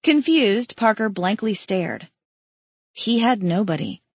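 A woman narrating a historical story aloud, shifting her voice up and louder for the quoted lines. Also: mid-range voice, expressive, takes it slowly, slightly rough, no room sound.

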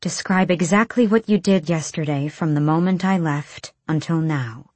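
A woman voicing a calm, determined female healer who speaks in a steady, firm, commanding way. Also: low voice, moderate pace, no echo.

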